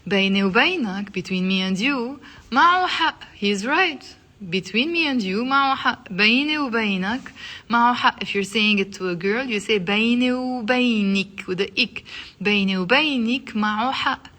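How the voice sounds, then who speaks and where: A woman with a fairly high voice leads a live online language class. She says each phrase slowly and repeats it several times. She keeps asking her viewers to say it aloud along with her. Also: bright, forceful tone. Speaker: Arabic teacher.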